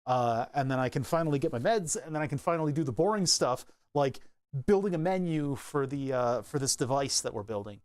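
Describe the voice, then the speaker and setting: A man's voice: medium pitch, animated, a little fast, a little mellow, smooth, dry recording, studio quality. A young man chatting casually while tinkering at his workbench, rambling and laughing at himself. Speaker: maker streaming his workbench. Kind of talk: casual chat.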